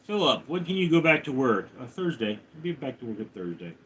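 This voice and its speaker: A man live streaming, reading viewers' names and questions aloud and answering them in a lower, quieter tone. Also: very animated, brisk. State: recovering from a hospital stay. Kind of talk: casual live stream chat.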